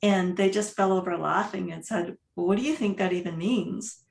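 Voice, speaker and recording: Woman moderator, animated anecdote, roomy echo. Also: lowish voice, normal speed, gravelly. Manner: animated, laughing storyteller. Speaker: discussion moderator. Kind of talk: casual group discussion. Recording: echoey room.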